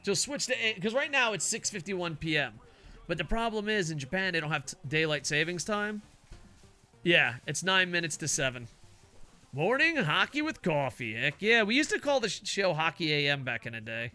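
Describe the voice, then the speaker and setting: A man's voice: on the high side, big pitch swings, moderate pace, sharp tone, faint music behind. An older man, a semi-retired teacher, rambling casually and profanely while streaming a game, laughing often. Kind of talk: casual chat while gaming.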